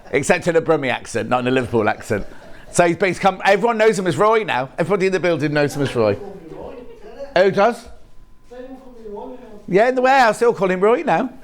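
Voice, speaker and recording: A high-pitched man with big pitch swings hosts a live shopping channel show in a TV studio, speaking at normal speed and pausing often. He is chatty and jokey, bantering with the crew and reading viewer messages aloud.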